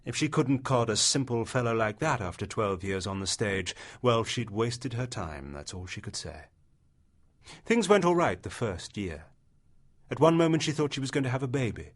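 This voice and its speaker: A man narrating a literary short story as an audiobook, in a measured storytelling manner. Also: medium pitch, sing-song.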